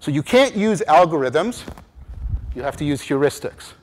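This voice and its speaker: A man giving a conference lecture on cognitive science, with animated emphasis, rhetorical repeated questions and frequent restarts. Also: a little high, normal speed. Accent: Canadian English. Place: lecture room.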